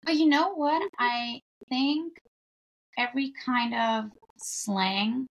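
Gravelly, animated woman guest. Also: high-pitched, takes it slowly, lo-fi sound. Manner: animated storyteller acting out quoted exchanges. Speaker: podcast guest. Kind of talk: casual chat.

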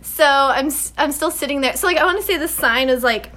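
A woman's voice: sits high, a little fast, bright, forceful tone. A young woman telling a rambling story in casual chat, giggling often and using lots of filler words. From Ireland.

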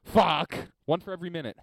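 Alone in his basement, a young man hosts a podcast of meandering, foul-mouthed stories where he's the butt of the joke. His voice is a little high and a bit bright with vocal fry, at normal speed and without echo.

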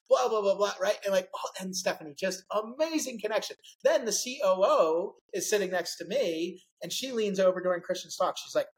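A middle-aged male podcast host in a relaxed conversation. He tells his story with animated energy and throws himself into every quoted line. The delivery stays conversational and loose throughout. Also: high voice, normal speed, few pauses, slight background noise, rough recording. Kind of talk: casual interview storytelling.

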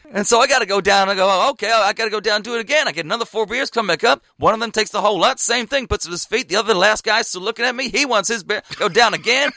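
A man voicing a loud, boastful American man who rambles excitedly and swears as he tells a drunken story. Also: high voice, drawn-out words, pauses often, dry recording, voice pushed up, heavily acted. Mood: boisterous.

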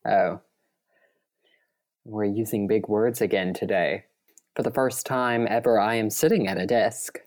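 A man's voice: on the low side, steady tone, a little slow, pauses often, darkish tone. A man co-hosting a podcast from a desk in his small apartment, chatting casually, laughing often and trailing off mid-thought. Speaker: podcast co-host. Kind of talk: casual chat.

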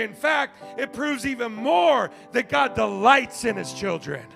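A male pastor preaching a sermon, telling stories with big swings from shouting to hushed asides. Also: extremely high pitch, unhurried, vocal fry, hardly any pauses, faint music behind. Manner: animated storytelling, swings from shouting to quiet.

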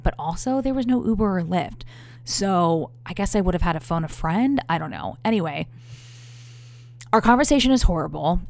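A woman's voice: fairly low pitch, vocal fry. A woman in her thirties telling a story to her viewers in a candid, profane, exasperated way. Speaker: vlogger. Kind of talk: casual storytelling to camera.

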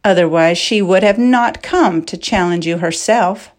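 A cunning, scheming man from a storybook speaks with a sneer, as a woman reading aloud puts him on. He talks slowly and deliberately, in a lowish voice, and sounds cold and calculating. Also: lightly acted. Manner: barking orders, then sneering softly.

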